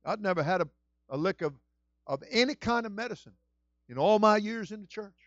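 A middle-aged male pastor preaching a sermon with passion, moving between hushed storytelling and shouted exclamations. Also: high voice, animated, a little fast, no echo, dull audio. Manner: exclaims "whew" and "woo".

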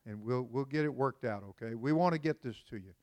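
A man's voice: medium pitch, quick pace, a little mellow. A man preaching as senior pastor in a church, in a conversational style full of folksy, joking asides to the congregation. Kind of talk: conversational sermon. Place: church sanctuary.

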